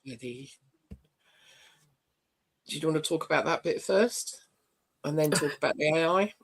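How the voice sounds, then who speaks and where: A woman's voice: low-pitched, moderate pace, husky. A woman co-hosting a community show, talking casually and hesitantly. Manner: hesitant, with frequent fillers and restarts. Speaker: co-host playing videos. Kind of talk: casual chat.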